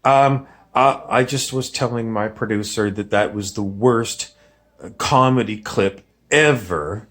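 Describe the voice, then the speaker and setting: Comedy creator, male, casual rambling recap, self-critical, unhurried. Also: on the low side, fairly bright tone. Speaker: comedy sketch maker. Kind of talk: casual commentary on his own sketch.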